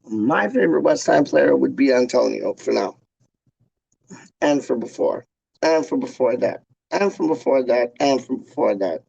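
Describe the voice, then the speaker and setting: A man's voice: mid-range voice, animated, normal speed, vocal fry, darkish tone, husky, dull audio. A man chatting casually on a live stream, slangy and laid-back, answering questions from viewers. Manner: slangy, laid-back, says "dog" and "straight up". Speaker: vlogger answering chat questions.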